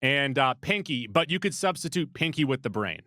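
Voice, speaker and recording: Chatting playfully on a movie podcast, a male co-host jokes and fires off lists in a mid-range voice that's animated, pushed, and bright, at a moderate pace. Clean studio sound, no echo.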